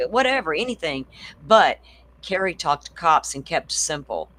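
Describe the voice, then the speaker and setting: A woman hosting a casual true crime livestream, blunt and swearing freely as she thinks out loud. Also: low-pitched, big pitch swings, a little slow, a little hiss or hum, poor audio.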